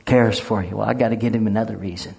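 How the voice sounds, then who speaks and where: Husky middle-aged male preacher. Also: lowish voice, fairly even intonation, quick pace, a little mellow. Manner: folksy and conversational, swelling to fervent emphasis. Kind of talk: sermon with spoken prayer.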